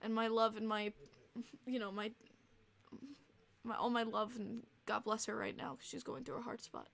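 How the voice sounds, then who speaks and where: A woman's voice: fairly high pitch, little pitch movement, moderate pace, creaky, fairly bright tone. A woman hosting a casual livestream podcast, talking emotionally and rambling with many fillers and restarts. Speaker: podcast host and streamer.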